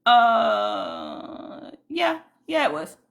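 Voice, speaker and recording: A woman's voice: a little high, huge pitch swings, extremely slow, creaky. A woman hosting a casual livestream, greeting viewers and giving indignant, rambling commentary full of fillers. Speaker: livestream host.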